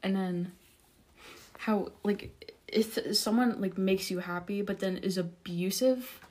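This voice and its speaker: A woman's voice: medium pitch, slow, darkish tone. A young woman co-hosting a casual podcast, speaking hesitantly with many fillers and often trailing off. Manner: hesitant, full of likes and ums, trails off. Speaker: podcast co-host. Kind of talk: casual chat.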